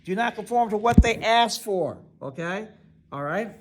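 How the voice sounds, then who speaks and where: High-pitched male instructor, classroom lecture, reads and quizzes students. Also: lively intonation, normal speed, poor audio. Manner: quizzing, reads text aloud and asks students to fill in words; repeats "right?" often.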